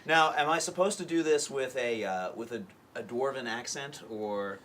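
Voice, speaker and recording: A man's voice: medium pitch, moderate pace, fairly bright tone, slight background noise. A man from marketing, a podcast guest with a sore throat, hesitant and self-deprecating.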